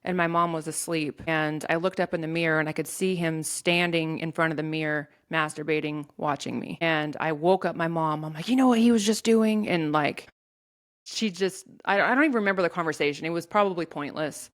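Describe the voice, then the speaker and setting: A woman telling a painful personal story in an interview, in a halting way with many restarts. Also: low voice, fairly even intonation, a bit bright. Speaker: guest sharing her story.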